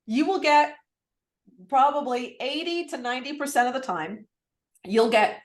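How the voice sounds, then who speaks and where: A woman real estate coach teaches over a video call in a high voice at a moderate pace, the audio reverberant. She's energetic and animated, acting out how clients reply.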